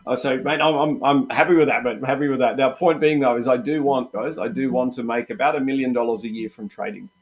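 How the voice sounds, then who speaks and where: A man's voice: medium pitch, fairly even intonation, fast, few pauses. A man hosting a live trading session, chatty and upbeat, repeatedly calling his viewers "guys". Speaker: trading coach and host.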